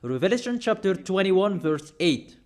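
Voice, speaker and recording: Guy preaching a sermon, pretty high voice, keeps hammering points w/ rhetorical questions. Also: expressive, normal speed, a little mellow. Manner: insistent, repeats phrases, rhetorical questions.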